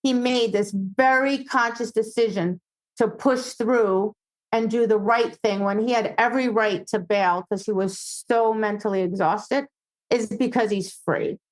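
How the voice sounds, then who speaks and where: A woman dog obedience trainer, a guest on a casual podcast, telling animated stories and acting out quoted voices. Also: a little high, measured pace, low-quality recording.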